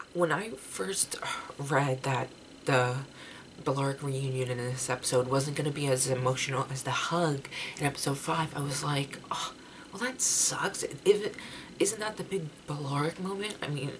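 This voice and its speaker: Low-voiced young woman rambling excitedly about a show, lots of likes, noisy home recording. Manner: gushing, rambling, many "like"s and restarts. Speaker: TV review vlogger. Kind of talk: casual excited review chat.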